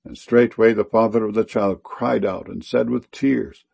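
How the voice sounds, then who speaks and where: A man reading old-fashioned scripture verses aloud in a measured, solemn way. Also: on the low side, steady tone, gravelly, a little mellow, husky, highs cut off. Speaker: scripture reader.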